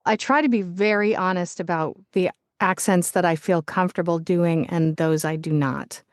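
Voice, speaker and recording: A woman's voice: lowish voice, moderate pace, no echo, studio quality. A woman from the United States, an audiobook narrator and podcast guest, who talks in a thoughtful, vivid and playful way. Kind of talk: casual podcast interview.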